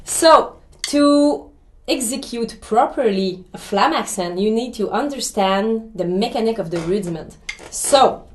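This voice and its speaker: A woman's voice: fairly high pitch, lively intonation, unhurried, echoey room. A woman drummer, a guest who is chatty and laughs often, explaining a drum exercise step by step. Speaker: drummer guest giving a pad lesson. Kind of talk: casual interview, then drum lesson.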